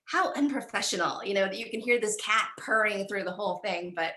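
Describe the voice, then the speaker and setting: Bright-voiced woman on an echoey video call. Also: mid-range voice, steady tone, fairly quick, a little hiss or hum. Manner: rambling, self-deprecating, restarts sentences. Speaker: author discussing her book. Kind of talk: casual conversation on a video call.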